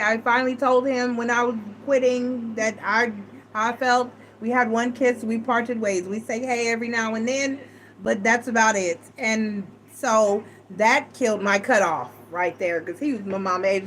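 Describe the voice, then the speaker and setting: A middle-aged woman telling personal stories to a live chat, animated and acting out what others said. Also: on the high side, a little hiss or hum, poor audio. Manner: animated, acts out quoted voices, frequent self-restarts. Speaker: tarot reader and live chat host. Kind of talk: casual storytelling to a live chat.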